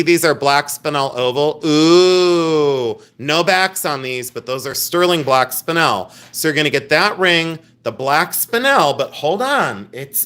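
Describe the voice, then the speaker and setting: A man hosts a live jewelry sale with a chatty, rambling, joking manner. His voice sits a little higher than most men's. He talks in a casual, affectionate way to his viewers. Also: sharp tone. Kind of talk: casual live sales stream.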